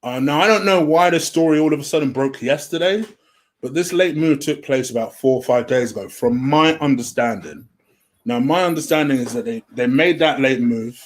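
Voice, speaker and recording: A man's voice: mid-range voice, normal speed. A man hosting a home-made football transfer rumour show, chatty and easily sidetracked, with a lot of "um". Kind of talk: casual solo commentary. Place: home room.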